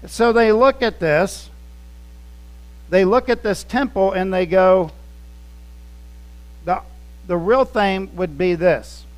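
A man's voice: high-pitched, takes it slowly, long pauses, rough recording. A male pastor preaching in a conversational way, telling anecdotes and acting out scenes as he goes. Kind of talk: storytelling sermon.

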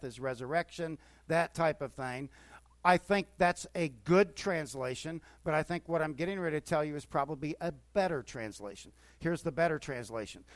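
A middle-aged man preaching a sermon in an easy, talk-to-you way, his fairly high voice climbing with bursts of excitement. The sound is dry and close, with no room around it. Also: dry recording. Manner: conversational preaching with rising bursts of enthusiasm. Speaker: pastor.

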